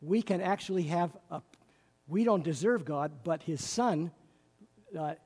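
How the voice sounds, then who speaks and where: A man with a slightly high, husky voice teaches a Bible class, working through word meanings with eager enthusiasm and plenty of fillers. His tone is mellow rather than bright. A long reverb trails behind every phrase. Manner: explanatory, enthusiastic, with frequent fillers. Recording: reverberant room.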